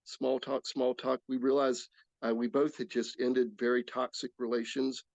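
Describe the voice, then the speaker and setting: A man in his sixties sharing his recovery story in an earnest, halting way, often restarting his sentences. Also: mid-range voice, flat delivery, gravelly, darkish tone, no echo. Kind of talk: personal testimony talk. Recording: slightly dull, dry recording.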